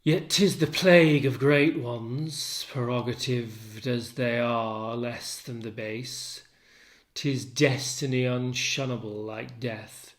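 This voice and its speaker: A man voicing Othello, a tormented, jealous older husband, in a low, brooding recitation of verse. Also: fairly even intonation, slow pace, natural voice.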